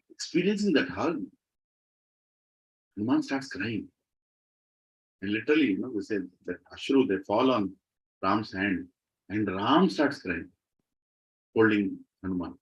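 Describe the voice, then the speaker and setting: A man gives a devotional storytelling talk, lively and animated, asking his audience questions. His voice is fairly low, unhurried, with frequent pauses, and the recording is slightly muffled.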